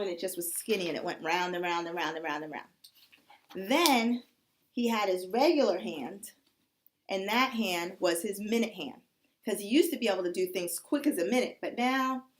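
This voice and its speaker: A woman teacher telling young children a story that explains how clock hands work, checking in with them often. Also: medium pitch.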